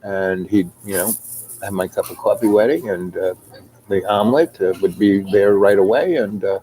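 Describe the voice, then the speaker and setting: A man's voice: on the low side, normal speed, dark tone, a little hiss or hum, low-quality recording. A middle-aged man telling a long personal anecdote in a rambling, casual way, full of fillers and asides. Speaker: storyteller.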